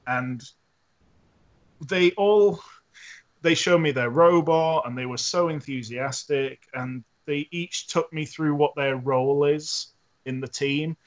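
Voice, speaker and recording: A man co-hosting a casual podcast, telling an animated story with frequent laughs and restarts. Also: a little high, slow, dull audio. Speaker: podcast co-host and robot builder. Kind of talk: casual chat.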